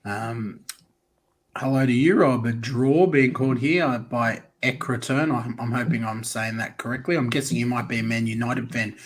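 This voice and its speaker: An Australian man hosting a casual football podcast, chatty and relaxed, calling on guests and reading out viewer comments. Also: medium pitch, moderate pace. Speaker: podcast host.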